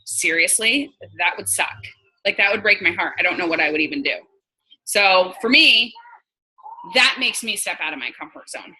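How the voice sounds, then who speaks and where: A woman's voice: lowish voice, lively intonation, moderate pace, sharp tone, husky, rough recording. A woman in her thirties from New York, a sales team leader coaching her team in casual, blunt talk and acting out conversations. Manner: chatty, blunt, acts out quoted dialogue.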